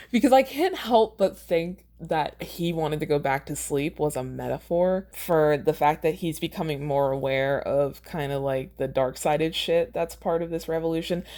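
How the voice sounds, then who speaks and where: A woman with a low, warm voice hosts a podcast where she reads her own fan fiction aloud. She chats about it casually and laughs at her own lines.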